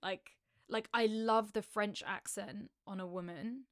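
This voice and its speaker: A British woman chats on a podcast with excitement, laughing and swearing often. Her voice sits mid-pitch and sounds dry and close. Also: a little slow, no echo. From England. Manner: enthusiastic, laughing, heavy swearing. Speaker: podcast co-host. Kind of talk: casual chat.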